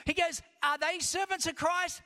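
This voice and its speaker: A man preaching a sermon as pastor, impassioned and building to shouts as he reads scripture in long rhythmic lists. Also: very high voice, steady tone, normal speed. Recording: long reverb of a large hall.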